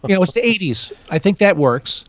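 A man co-hosting a podcast, reviewing a film in casual chat, rambling with many restarts and animated asides. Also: high-pitched, a little fast, no room sound. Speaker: podcast co-host. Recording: dull lo-fi dry sound.

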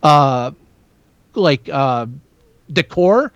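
A high, lively male voice rambles through a casual film review, stumbling and restarting as he goes. The sound is dry and a little muffled, like a lo-fi podcast mic. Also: drawn-out words, clean tone, no echo. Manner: rambling, many restarts, animated. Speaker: podcast co-host. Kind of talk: casual movie review chat.

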